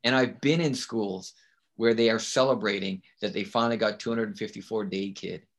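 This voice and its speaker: A man's voice: on the low side, fairly even intonation, normal speed. A man speaking as a guest on a podcast about teaching. He talks emphatically and keeps checking in with rhetorical questions. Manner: emphatic, often asks rhetorical "right?". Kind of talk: casual interview talk.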